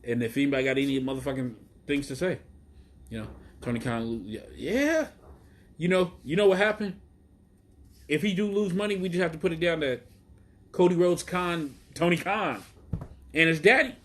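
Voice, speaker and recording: A man from Chicago hosting a casual live stream outdoors, talking in a profane, excitable, rambling way about wrestling. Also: on the high side, normal speed, long pauses, a little hiss or hum. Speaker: wrestling show host. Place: outdoors in the heat.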